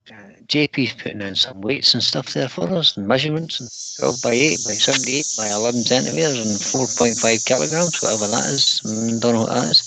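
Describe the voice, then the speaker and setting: A man's voice: medium pitch, fairly quick, vocal fry, few pauses, over a noisy crowd, poor audio. A man hosting a live woodturning stream from his workshop, chatting casually and reading viewer comments aloud. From United Kingdom. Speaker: woodturning livestream host.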